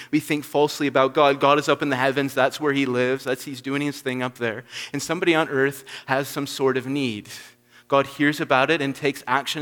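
A man preaching a sermon, emphatic, swinging between loud stressed points and soft low asides. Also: long reverb tail.

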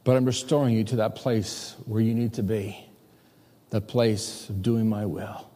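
A male preacher quoting Jesus in a gentle, pleading voice during a sermon. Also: on the low side, steady tone, measured pace. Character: Jesus, gentle forgiving grown man. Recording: long hall reverb.

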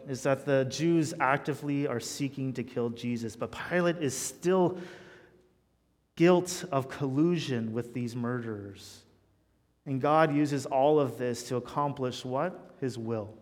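A man preaching a sermon as pastor, earnest, moving between loud emphasis and hushed intensity. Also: mid-range voice, measured pace. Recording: long hall reverb.

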